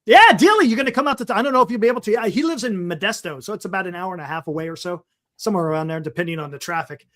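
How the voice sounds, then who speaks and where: A man co-hosting a casual sports chat, easygoing and quick to laugh, talking over a video call. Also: sits high, lively intonation, fairly bright tone. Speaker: co-host.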